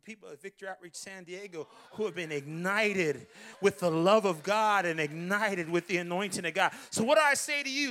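A man preaching a Christmas sermon as pastor, calling the congregation to repeat after him and rising to shouts. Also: high-pitched, expressive, moderate pace. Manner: preaching with congregation call-and-response, building to shouts. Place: church Christmas service.

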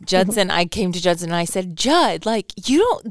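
A woman's voice: fairly low pitch, big pitch swings, normal speed, hardly any pauses, dry recording, studio quality. Chatty young woman host. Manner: chatty, lots of "like". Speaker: podcast host. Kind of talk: casual podcast chat.

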